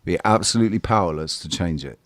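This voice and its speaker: A man's voice: sits low, animated, fast, no room sound, clean studio sound. A man in casual live panel chat, rambling and self-questioning with lots of swearing. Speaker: livestream panelist.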